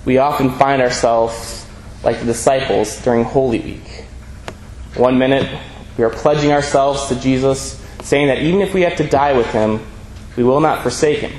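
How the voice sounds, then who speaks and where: A man's voice: mid-range voice, darkish tone. Earnest man preaching in an echoey room. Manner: earnest, measured preaching with scripture readings. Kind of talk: sermon. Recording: echoey room with faint ambient noise.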